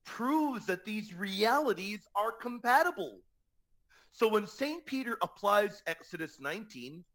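A man hosting a live Catholic radio show, talking energetically and emphatically, with slangy shout-outs to listeners. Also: fairly high pitch.

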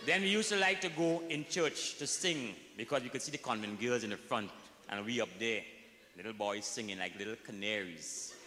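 Bright Trinidadian man telling comic tales. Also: mid-range voice, fairly quick, a little hiss or hum. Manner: folksy, drops into sung snatches for effect. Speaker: comic storyteller. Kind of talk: comic storytelling to a live audience. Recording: echoey hall recording.

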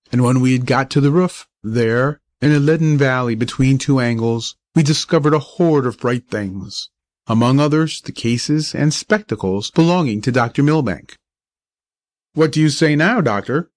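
A man narrating an old-fashioned story in a measured storybook reading. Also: mid-range voice, no room sound.

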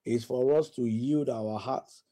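Fervent praying pastor with a mellow voice. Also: male voice, medium pitch, a little slow, dry recording. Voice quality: praying in tongues. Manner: fervent, repetitive prayer cadence. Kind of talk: sermon with extended prayer.

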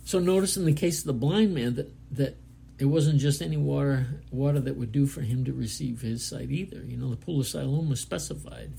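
A man's voice: mid-range voice, fairly quick, vocal fry, mellow, breathy edge. A man giving a sermon, reading scripture aloud and explaining it in an earnest, plainspoken way with frequent restarts. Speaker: preacher.

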